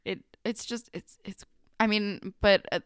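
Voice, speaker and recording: Smooth-voiced young woman, chatty. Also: medium pitch, steady tone, unhurried, no echo, clean studio sound. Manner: chatty, swears casually, lots of likes and ums. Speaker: podcast co-host. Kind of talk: casual chat recapping a TV episode.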